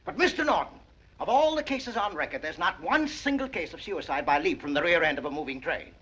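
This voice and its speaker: An actor playing a fast-talking, scornful insurance claims man who lectures in a rapid, list-reciting tirade, heard from a dull old film soundtrack. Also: on the high side, lively intonation, pushed and bright, husky, exaggerated voice. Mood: lecturing.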